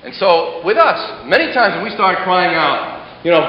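Dramatic high-voiced male preacher. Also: lively intonation, normal speed. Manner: dramatic, swelling emphasis and sudden hushed drops. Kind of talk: sermon. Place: large hall before a congregation. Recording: echoey hall, muffled, faint hiss.

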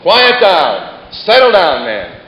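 A preacher putting on the quiet, deep voice of God, slow and gently commanding. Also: male voice, huge pitch swings, exaggerated voice. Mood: calming. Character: God, a hushed, deep male divine voice. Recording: echoey hall, muffled, faint hiss.

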